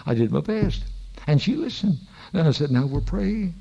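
A man's voice: fairly high pitch, lively intonation, moderate pace, vocal fry, dark tone, breathy edge, muffled recording. An older man preaching a sermon in a church, telling folksy stories that rise into emphatic preaching. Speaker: pastor.

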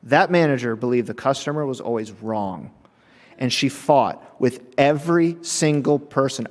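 Animated preacher telling a story. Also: male voice, mid-range voice, moderate pace, long reverb tail. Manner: animated storytelling, acts out voices, laughs often. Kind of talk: sermon with a personal story.

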